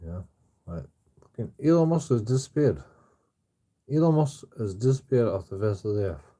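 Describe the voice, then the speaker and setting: A man's voice: fairly low pitch, animated, normal speed, dark tone. A man, a streamer, rants casually in a rambling, repetitive way and swears constantly. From England.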